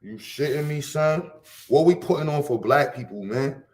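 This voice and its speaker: A man from Harlem, hosting a casual livestream rant full of profane, boastful street slang and loud bursts. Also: a little high, lively intonation, moderate pace. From Harlem, New York. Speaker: livestream host.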